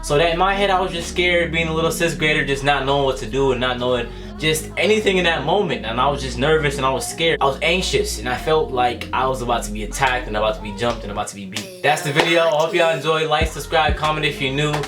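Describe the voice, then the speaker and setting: A young man tells a personal story straight to camera in a loose, animated vlog style, with a fairly high voice, stacked fillers and repeated lines. Faint music plays softly behind him. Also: quick pace. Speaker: vlogger. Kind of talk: casual storytelling.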